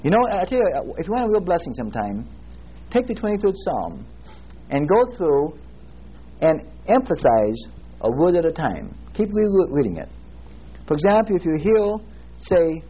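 A male pastor preaching a sermon in a folksy storytelling way, slowing down to stress scripture word by word. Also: sits high, big pitch swings, husky. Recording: muffled lo-fi recording with faint hiss.

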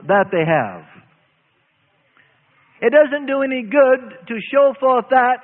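A man preaching a sermon, slow and emphatic, stretching out his phrases. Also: very high-pitched. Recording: phone-like audio in a reverberant hall.

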